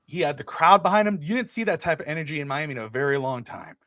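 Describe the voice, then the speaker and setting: Middle-aged male co-host, animated and ranting, slightly high-pitched, dry booth sound. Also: quick pace, no echo. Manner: animated, ranting, swears freely. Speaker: podcast co-host. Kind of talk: casual sports talk.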